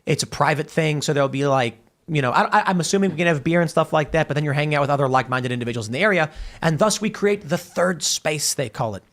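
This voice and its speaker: A man with a somewhat high voice hosts a talk show. He reads viewer messages aloud and wanders off into long, rambling stories. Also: quick pace, a bit bright. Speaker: podcast host. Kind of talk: casual talk-show banter.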